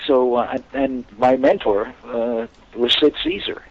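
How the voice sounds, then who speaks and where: An older man, a guest actor, telling lively anecdotes in an interview and acting out the voices of people he quotes. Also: medium pitch, measured pace, phone-quality sound. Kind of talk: storytelling interview chat.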